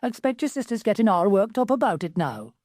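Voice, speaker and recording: A woman's voice: medium pitch, sing-song, a little fast, a little mellow, dry recording, clean studio sound, voice pushed up. A woman voicing a firm, practical middle-aged mother in a storybook.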